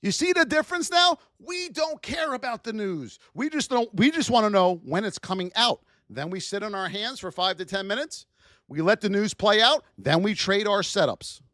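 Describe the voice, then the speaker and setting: A woman teaching trading on a live stream, talking in an animated, scolding, exclamatory way. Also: medium pitch, normal speed, no room sound, studio quality. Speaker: trading educator.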